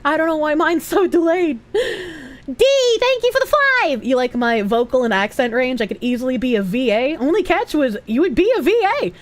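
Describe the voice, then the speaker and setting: A woman's voice: high-pitched, expressive, a little fast. A young woman with a Boston accent chatting casually on a live stream, rambling, giggly and swearing freely.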